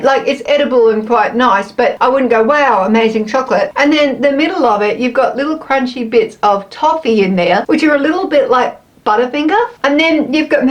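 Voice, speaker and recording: A woman's voice: sits high, low-quality recording. A woman casually reviewing snacks on camera, chatty and self-mocking, thinking aloud as she eats. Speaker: snack taste-test vlogger.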